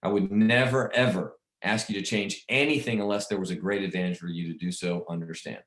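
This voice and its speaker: In an echoey room, a man coaches insurance agents on sales calls in a loose, rambling way, often repeating points. His low voice is steady, fairly quick, and fairly bright in tone.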